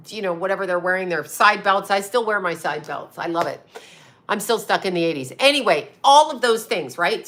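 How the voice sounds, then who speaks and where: Bright-voiced rambling woman livestream host. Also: medium pitch. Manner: rambling, swears, reads viewer comments aloud. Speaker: psychic channel host. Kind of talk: casual livestream chat.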